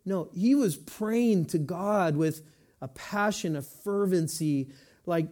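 A middle-aged man preaching a sermon, moving between quiet reflective stretches and rising, emphatic passages. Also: sits high, big pitch swings, measured pace. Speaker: pastor.

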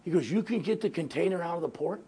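A middle-aged male pastor with a fairly high voice tells a story from the pulpit. He acts out the back-and-forth of phone calls. He laughs his way through the funny parts. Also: quick pace, breathy edge. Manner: animated, acts out both sides of conversations, laughs often. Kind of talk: storytelling sermon.

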